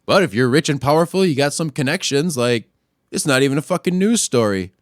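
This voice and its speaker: A man hosting a podcast, ranting casually and crudely, often pushing his voice louder and higher when worked up. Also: lively intonation, brisk, dry recording, clean studio sound. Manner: profane, crude trolling rant. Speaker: podcast host. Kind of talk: casual solo rant.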